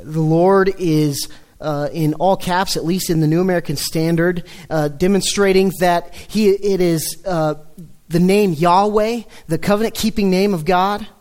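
A man preaching a sermon in an earnest tone, dropping low and soft for scripture quotes. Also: fairly even intonation, a little slow. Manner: earnest, dips low and soft when quoting the psalm.

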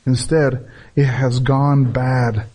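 A man's voice: medium pitch, flat delivery, takes it slowly, darkish tone. A man, a pastor, preaching a sermon with emphatic repetition and rhetorical questions to his listeners.

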